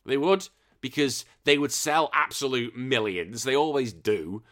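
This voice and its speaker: A man chats casually as a podcast host. His voice is bright and forward at a middling pitch. He rambles excitably and swears freely. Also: a little slow. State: recovering from illness. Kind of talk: casual chat.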